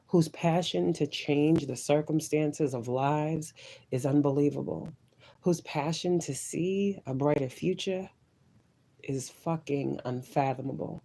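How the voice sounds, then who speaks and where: A woman's voice: deep voice, measured pace, vocal fry, warm tone, poor audio. Emotional woman giving tarot reading. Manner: emotional, preachy, repetitive affirmations, swears. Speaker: tarot reader.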